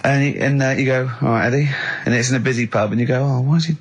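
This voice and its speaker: A man hosting a radio show in a studio, talking in a rambling, mocking way full of quick asides. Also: medium pitch, fairly even intonation. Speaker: radio host. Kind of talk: casual radio chat.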